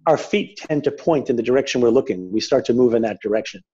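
A man speaking as a spiritual teacher in a reflective conversation, gentle and searching, often restarting his sentences. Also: medium pitch, lively intonation, fast, slightly rough. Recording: dull lo-fi sound.

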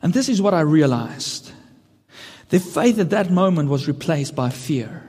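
A man's voice: a little high, animated, unhurried, a little mellow, slightly rough. A man preaching a sermon, earnest and building to emphatic questions. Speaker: pastor. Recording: long hall reverb.

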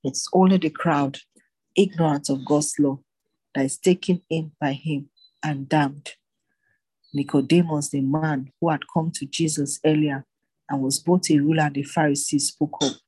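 A reader narrating scripture in a steady, even way. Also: mid-range voice, normal speed, husky, dry recording, low-quality recording.

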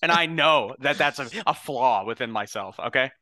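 A man's voice: mid-range voice, animated, normal speed, pushed and bright, no echo. A young man co-hosting a podcast in casual, crude, self-mocking banter. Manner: sarcastic, self-mocking, swears a lot. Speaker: podcast co-host.

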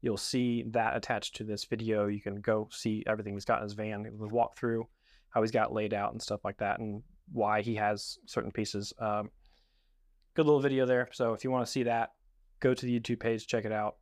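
A man's voice: lowish voice, little pitch movement, moderate pace, no room sound, clean studio sound. A man hosting a filmmaking podcast, talking in a laid-back, conversational way. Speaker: podcast host. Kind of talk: casual podcast interview.

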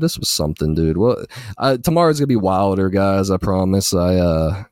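A man's voice: deep voice, animated, moderate pace, darkish tone, clear, resonant tone, dry recording, studio quality. A man co-hosting a podcast in casual banter, laid-back, swearing often and saying dude constantly. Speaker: podcast co-host.

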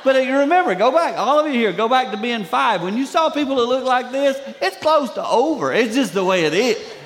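An older man giving a sermon as a guest speaker in a church, telling stories in an animated way and acting out the voices he quotes. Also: high voice, big-room sound. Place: church sanctuary.

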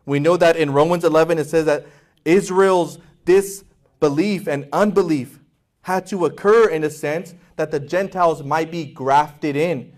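High-voiced preaching man. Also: measured pace, a little mellow. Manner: impassioned preaching, acting out voices in quotes, asking the congregation questions. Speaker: pastor. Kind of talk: sermon.

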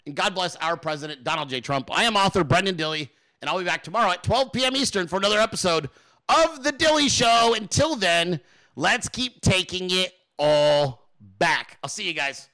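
Bright high-voiced man, animated and profane. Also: fast talker. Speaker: podcast host. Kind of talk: casual storytelling and political rant.

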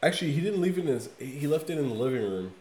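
A man in casual podcast chat, talking emphatically and with a lot of swearing, swinging from loud bursts to low, quiet stretches. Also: very animated, fast talker, reverberant. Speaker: podcast co-host. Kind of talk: casual chat reviewing an album.

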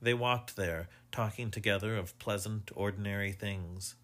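A man reading a mystery story aloud as narrator, in a measured, even storytelling manner. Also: fairly low pitch.

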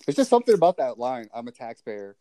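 A man's voice: mid-range voice, sing-song, quick pace, mellow. Rambling, laughing man with a faint hiss. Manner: rambling, swears, laughs mid-sentence. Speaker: podcast co-host. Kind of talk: casual crude chat.

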